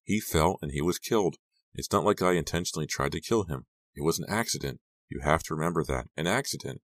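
A man's voice: extremely low pitch, expressive, fast, fairly bright tone, dry recording, full character voice. A man voicing a teenage girl who patiently coaxes and reassures her friend, insisting all will be fine. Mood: insistent. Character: steady teenage girl, guilt-ridden but reassuring.

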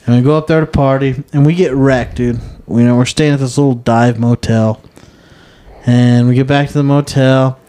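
A man's voice: mid-range voice, steady tone, normal speed, mellow, clear, resonant tone. A man telling a drunken story in a casual podcast chat, rambling and swearing constantly. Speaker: podcast co-host.

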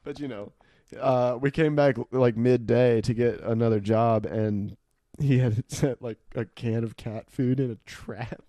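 A man's voice: medium pitch, steady tone, unhurried, mellow, dry recording, clean studio sound. A young man co-hosting a podcast, swearing and laughing often as he tells crude stories in casual chat. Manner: laughs often, profane storytelling. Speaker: podcast co-host.

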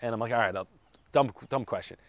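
A man's voice: mid-range voice, fast talker, dry recording, highs cut off. A man casually telling a long, rambling personal story with jokes and self-corrections on a podcast. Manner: rambling, self-correcting, joking, with light laughs. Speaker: podcast co-host telling his daughter's birth story.

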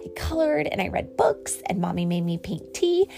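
A woman voicing an excitable little girl in a storybook, with a squealing, bouncy delivery. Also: medium pitch, moderate pace, gravelly, faint music behind. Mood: chatty.

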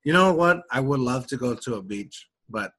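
A man's voice: medium pitch, lively intonation, moderate pace, a bit bright, breathy edge. A man co-hosting a podcast, chatting casually, rambling and restarting sentences, laughing easily. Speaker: podcast co-host. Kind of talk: casual chat.

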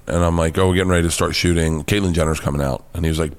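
American guy, kinda low voice, rowdy storytelling, swearing a lot, does the voices. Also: fast. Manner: animated, profane, acts out quoted voices. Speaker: comedian guest. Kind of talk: storytelling interview chat.

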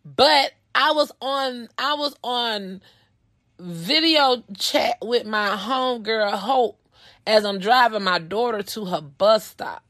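A woman's voice: fairly high pitch, animated, takes it slowly, a bit bright, no room sound, studio quality. A woman in her thirties hosting a personal podcast, telling a story in a blunt, profane, heated way. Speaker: podcast host.

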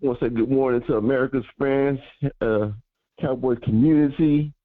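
A man calling in to a fan show, talking in a relaxed, rambling way and giving shout-outs. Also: mid-range voice, a little fast, no echo. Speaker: caller. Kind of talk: phone-in chat. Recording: tinny phone line.

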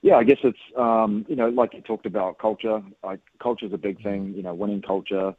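Low-voiced New man on a phone line. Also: fairly quick, dry recording. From New Zealand. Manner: relaxed, many fillers and restarts. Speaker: radio guest, sports coach. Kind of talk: phone interview.

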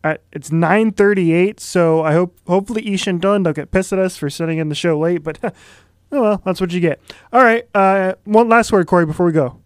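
Male podcast host, brisk and joking, casual chat. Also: high-pitched, no room sound, studio quality. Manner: quick, loose and joking.

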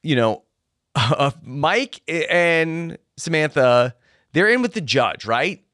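Man, recap podcast co-host; slightly high voice that swings widely in pitch; dry, close sound. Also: takes it slowly, dry recording. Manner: lively, playful, bursts into high-pitched quoted lines. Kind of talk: casual TV recap chat.

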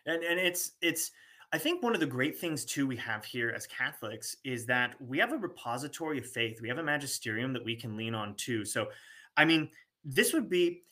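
A man's voice: medium pitch, animated, moderate pace, sharp tone. A man co-hosting a conversational podcast, talking earnestly and thoughtfully, with frequent restarts. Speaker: podcast co-host. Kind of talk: casual conversation.

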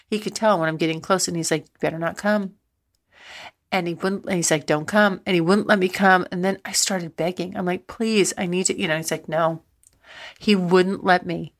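Bright-voiced woman telling frank stories. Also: lowish voice. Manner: frank, breathless, laughs often, rambling restarts. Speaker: podcast host. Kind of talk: candid personal storytelling.

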